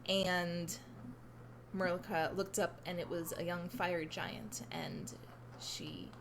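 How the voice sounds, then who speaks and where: A woman improvising a fantasy tale for friends in a casual, playful way, with dramatic pauses and frequent giggles. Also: lowish voice, steady tone, gravelly, background noise. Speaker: storyteller in a party game.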